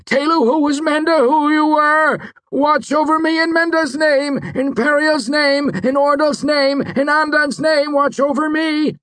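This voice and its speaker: A man's voice: very high voice, steady tone, a little slow, few pauses, fairly bright tone, dry recording, voice pushed up. A man voicing a frightened male archer who prays fervently in a trembling, pleading litany. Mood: desperate prayer. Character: terrified male archer praying fervently in a storm.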